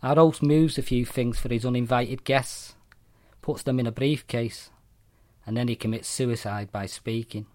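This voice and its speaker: A man with a Mancunian accent reading a short story aloud, blunt, profane and wry in a deadpan way. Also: medium pitch, normal speed, no echo, studio quality. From Manchester, England.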